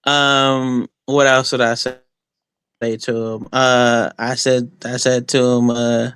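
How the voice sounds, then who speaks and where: A man's voice: mid-range voice, little pitch movement, slow pace, fairly bright tone, clean tone, dry recording. A man, a guest wrestler, talking through boastful trash talk in a loose, rambling way, full of fillers and restarts. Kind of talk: casual podcast interview.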